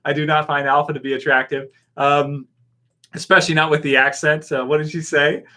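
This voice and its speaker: A man's voice: on the high side, little pitch movement, fairly quick, pushed and bright. Chatty Canadian man on a live stream. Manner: rambling, chuckling, talks back to chat comments. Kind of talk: casual live stream chat reading viewer comments.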